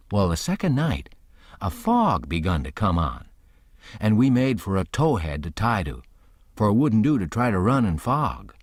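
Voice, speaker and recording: A man's voice: sits low, dry recording, clean studio sound. A man narrating an audiobook in the first person, telling the story in a folksy rural dialect.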